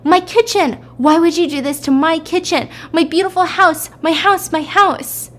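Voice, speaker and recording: A woman's voice: extremely high pitch, moderate pace, pitched above the performer's own voice. A woman voicing a frantic female squatter who screams furiously to defend a house she stole. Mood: shrieking. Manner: shrieking, furious, possessive.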